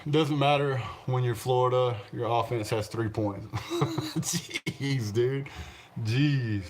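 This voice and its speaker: A man's voice: mid-range voice, fairly even intonation, slow pace, darkish tone, a little hiss or hum. Chatty man hosting a live chat. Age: adult, father of young children. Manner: chatty, laughs often, talks back to the chat. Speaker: live stream host reading viewer comments.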